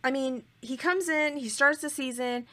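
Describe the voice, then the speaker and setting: A woman's voice: high voice, moderate pace, bright, forceful tone. A woman co-hosting a podcast in casual chat. She gushes with emphatic, playful exaggeration. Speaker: podcast co-host.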